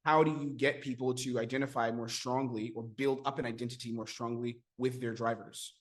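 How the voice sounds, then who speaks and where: A man's voice: medium pitch, fairly even intonation, brisk. An American man coaching viewers on sales technique, talking energetically and acting out sales-call dialogue. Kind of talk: teaching sales technique to camera.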